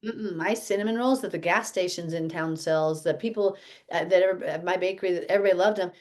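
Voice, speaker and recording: A woman's voice: lowish voice, quick pace, darkish tone. A woman leading a casual health teaching chat for her fellowship group, rambling and correcting herself as she goes. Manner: rambling, self-correcting, chatty.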